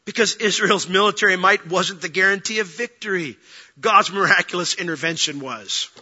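High, bright-voiced male preacher. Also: normal speed, husky, dull audio. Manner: expressive, reads scripture with emphasis. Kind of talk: sermon.

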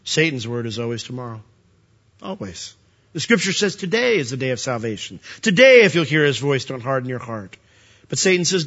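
A man preaching a sermon, animated, asking rhetorical questions and acting out dialogue. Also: medium pitch, brisk, dull audio. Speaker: pastor.

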